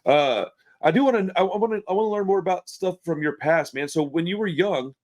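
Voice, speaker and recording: Talkative guy hosting his show, kinda high voice, self-deprecating, says dude a lot. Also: expressive, brisk, a little mellow. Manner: chatty and self-deprecating, saying "dude" and "man". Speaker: interview host, YouTuber. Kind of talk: casual interview chat.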